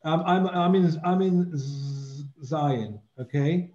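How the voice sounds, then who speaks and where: A man's voice: on the high side, slow pace, warm tone. A man leading a scripture reading class, chatty and full of repeated words, switching between talk and chanting Hebrew verses over a video call. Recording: dull lo-fi audio.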